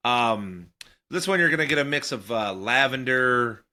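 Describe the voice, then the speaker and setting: A bright-toned man with a faint lilt, co-hosting a casual podcast. He rambles along in loose banter, laughing easily, and his pitch moves up and down a lot. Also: expressive, moderate pace. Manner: laid-back, rambling, laughs often. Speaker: podcast co-host.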